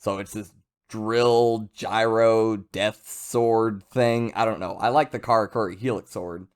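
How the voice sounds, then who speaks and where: Casual guy reviewing a chapter, chatty, rambly, bounces up and down in pitch. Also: steady tone, measured pace, smooth. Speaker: manga reviewer. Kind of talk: casual video review monologue.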